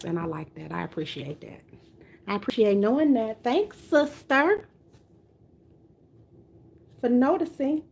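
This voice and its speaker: A woman's voice: on the low side, gravelly, a little mellow, a little hiss or hum. A woman with a light country twang, chatting casually on a livestream while she works on a reborn doll. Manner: chatty, talks while rooting doll hair.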